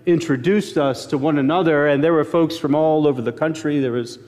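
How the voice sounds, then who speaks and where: A man's voice: a little high, brisk, darkish tone. A male pastor preaching a sermon, moving from an earnest prayer into plain storytelling. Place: church sanctuary. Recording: long church reverb.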